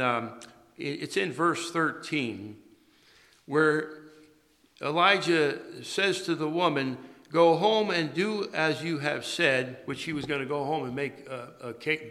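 A male pastor giving a morning sermon, speaking haltingly with many fillers and restarts. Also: a little high, pushed and bright. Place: church sanctuary. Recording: long reverb of a large church.

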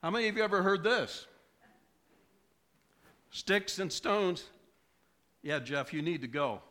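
A man's voice: fairly high pitch, animated, fast talker, pushed and bright. A middle-aged male preacher telling a personal story in a sermon, asking the congregation questions along the way. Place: church.

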